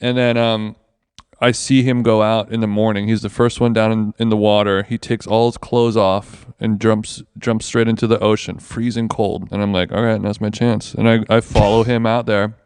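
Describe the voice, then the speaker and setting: A man's voice: lowish voice, level tone, normal speed, a little mellow, clean tone, no room sound, clean studio sound. A man co-hosting a podcast, rambling through a casual story and swearing freely. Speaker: podcast co-host. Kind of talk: casual chat. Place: basement of a villa.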